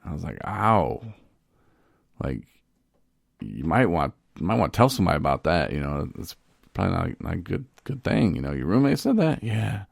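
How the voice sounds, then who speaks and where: Deep gravelly man telling a story. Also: quick pace, dry recording, studio quality. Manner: rambling, animated, laughs often. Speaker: podcast host. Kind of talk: casual storytelling.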